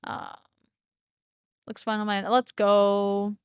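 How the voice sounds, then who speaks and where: A woman's voice: mid-range voice, monotone, takes it slowly, clear, resonant tone, dry recording. A young woman co-hosting a livestream, telling stories in a chatty way and laughing often. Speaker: livestream co-host. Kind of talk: casual livestream chat.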